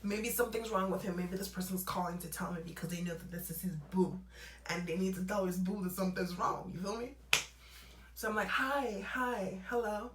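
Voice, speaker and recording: A young woman telling a storytime vlog, animated and acting out both sides of phone calls in a casual way. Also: lowish voice, a little fast, reverberant, a little hiss or hum, poor audio.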